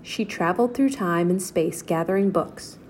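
A woman reading a children's chapter book aloud in a steady, clear storytelling voice. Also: on the low side, normal speed, slight background noise.

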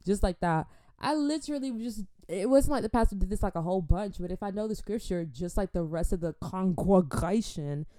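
A woman vlogger in casual chat with her viewers, animated and chatty, dropping churchy exclamations. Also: mid-range voice, a little fast, dry recording, clean studio sound.

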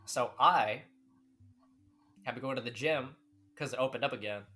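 Podcast co-host, casual chat, mock-bragging, joking, bright sharp voice. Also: medium pitch, moderate pace.

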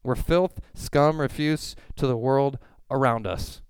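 Clear-voiced man preaching earnestly. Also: medium pitch, takes it slowly, no room sound. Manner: earnest preaching, rising emphasis on key words. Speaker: pastor. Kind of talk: sermon.

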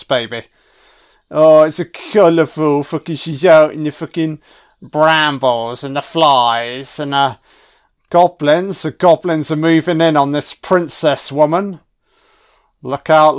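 Watching a film for the first time, a male commentator swears freely and cracks jokes at the characters, talking back at the screen. His slightly high voice is smooth and clear, and he takes his time with a slow, drawn-out delivery. It's a voice-only home recording.

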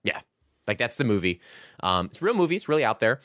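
A man's voice: medium pitch, sing-song, fast, a bit bright, dry recording, studio quality. A man hosting a casual video game chat, rambling and full of filler words. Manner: rambling, heavy use of "like" and "um". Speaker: podcast host reviewing a video game.

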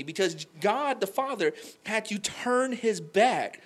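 Animated young man, emotional storytelling. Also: high voice, a little slow. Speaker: podcast guest. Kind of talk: candid faith conversation.

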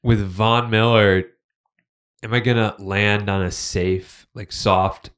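A man's voice: lowish voice, steady tone, slow pace, fairly bright tone. A young man co-hosting a casual podcast chat, laid-back and full of filler words. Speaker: podcast co-host.

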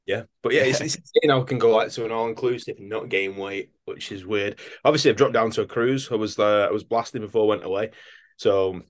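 A young man with a fairly low voice, chatting loosely as a podcast co-host. He tells stories with a lot of swearing and acts out other people's lines. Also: fast. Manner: swears freely, storytelling with mimicked voices. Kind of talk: casual chat.

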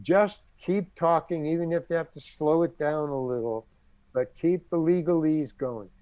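Speaking at a normal speed with no room sound, an older man whose voice is a little high tells a career anecdote. He's a character actor in a casual interview, animatedly performing what other people said.

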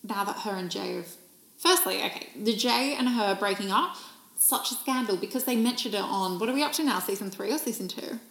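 A woman's voice: medium pitch, fairly quick, fairly bright tone. A woman co-hosting a podcast, chatting casually in a rambling way with many restarts. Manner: rambling, trails off and restarts, lots of fillers. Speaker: podcast co-host. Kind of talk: casual chat. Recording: echoey room.

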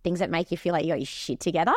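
A woman's voice: on the low side, racing, no echo, studio quality. A young Australian woman co-hosting a podcast in casual chat, telling stories with casual swearing. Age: young adult. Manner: lively storyteller, swears casually. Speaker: podcast co-host.

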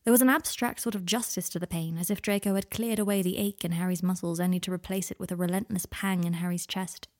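A woman narrating fan fiction in a measured, intimate storytelling voice. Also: lowish voice, fairly even intonation, darkish tone.

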